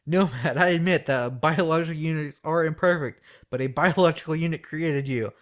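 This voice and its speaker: A man's voice: fairly high pitch, a little fast, lightly acted. A man reading the lines of a persuasive, commanding male starship captain. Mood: insistent.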